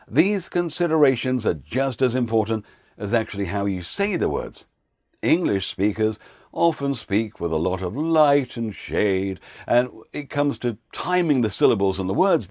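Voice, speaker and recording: A man who works as a voiceover coach, giving an instructional talk with clear, patient explanations. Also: mid-range voice, a little mellow, no room sound, studio quality.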